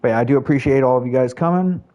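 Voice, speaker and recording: Guy streaming, chatting to chat, rambly and loose, kinda mellow dark tone. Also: mid-range voice, racing, lo-fi sound. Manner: chatty, rambling, talks to chat, frequent fillers. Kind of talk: casual live-stream chat.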